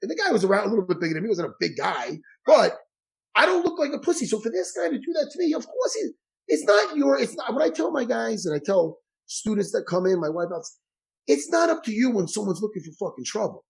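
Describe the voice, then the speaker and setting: Brief: guy, gravelly voice, slightly high, profane and punchy, podcast guest. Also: quick pace, low-quality recording. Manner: blunt, profane, animated storytelling. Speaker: jiu-jitsu instructor, guest. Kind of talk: casual podcast chat.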